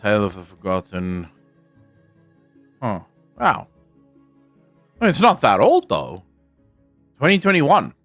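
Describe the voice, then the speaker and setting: South african guy rambling to his stream chat, swears a lot, bright tense voice, faint music under it. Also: lowish voice, wildly swooping pitch, slow pace, pauses often. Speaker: game streamer. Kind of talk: casual live-stream chat.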